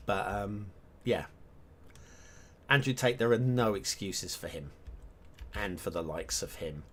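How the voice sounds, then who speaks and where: A man chatting casually on a live game stream, rambling between topics and humming to himself as he works. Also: on the low side. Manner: rambling, hums and mutters to himself while working. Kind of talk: casual live-stream chat while map making.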